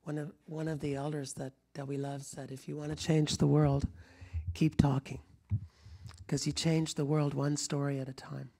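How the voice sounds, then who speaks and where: Mellow-voiced middle-aged man telling stories. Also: fairly high pitch, level tone, normal speed, gravelly. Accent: General American, Kentucky accent trained out. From rural Kentucky. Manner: rambling, restarts often, chuckles, moves around. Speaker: public speaker. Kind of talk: storytelling talk to an audience. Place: lecture room before a live audience.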